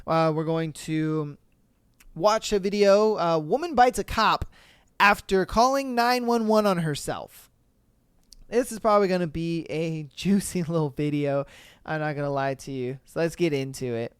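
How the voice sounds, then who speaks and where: A man's voice: on the high side, a little slow, clear, resonant tone, dry recording, studio quality. A man hosting a podcast, rambling casually in reaction commentary, swearing and laughing often. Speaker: podcast host.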